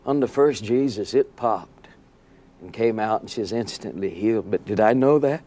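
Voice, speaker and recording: A man telling an animated story as a guest on a TV interview. He laughs often and acts out the scenes. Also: on the low side, normal speed.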